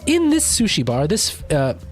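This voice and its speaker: A man's voice: high voice, wildly swooping pitch, moderate pace, soft background music, pitched above the performer's own voice. A man voicing a peppy woman who hosts a TV cooking show in a game. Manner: bright presenter delivery.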